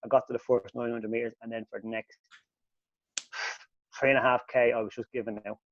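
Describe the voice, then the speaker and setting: A man co-hosting a casual podcast, telling stories in an animated, self-mocking way. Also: mid-range voice, a little fast. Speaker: podcast co-host. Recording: dull audio with faint hiss.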